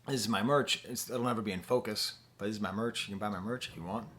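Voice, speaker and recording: A man's voice: fairly low pitch, fast, a bit bright, a little hiss or hum. A man giving a casual album review to camera at home, chatty and thinking aloud with fillers and restarts. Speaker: music reviewer.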